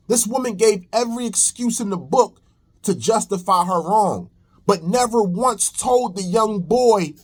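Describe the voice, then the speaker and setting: A young man speaks slowly and deliberately in a high voice. He lectures in reaction-video commentary, emphatic and preachy, hammering points home by repetition. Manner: preachy, emphatic, repeats phrases. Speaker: commentary host.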